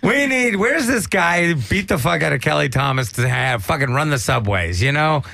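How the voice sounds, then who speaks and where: A man's voice: fairly high pitch, animated, normal speed, gravelly, pushed and bright, no room sound. A comedian, a man, rambling through profane stories in a casual podcast chat. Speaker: comedian guest.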